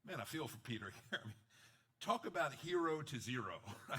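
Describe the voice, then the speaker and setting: A man preaching a sermon, his voice bright and forceful. He is animated, acts out the lines he quotes and jokes with his listeners. He drops to near-whispered asides, then breaks into loud bursts. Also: medium pitch, moderate pace, pauses often. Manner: wide swings from quiet asides to loud bursts. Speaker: pastor.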